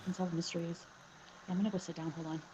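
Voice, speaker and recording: A woman's voice: lowish voice, flat delivery, fast talker. A woman chatting casually on a livestream, greeting viewers by name as she talks. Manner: chatty, reads chat names aloud. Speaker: livestream guest. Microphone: home mic with a fan humming. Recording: lo-fi with loud fan noise.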